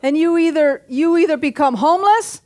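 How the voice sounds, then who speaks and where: In a church, a middle-aged woman pastor preaches a sermon that's punchy and full of jokes, frequently calling out for an amen. Her voice sits high and a little mellow, at a moderate pace.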